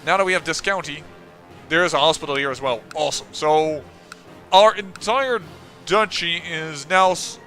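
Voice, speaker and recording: A man's voice: fairly high pitch, normal speed, pushed and bright, faint music behind. A man hosting a let's-play, giving game commentary as he thinks aloud, often trailing off and restarting sentences.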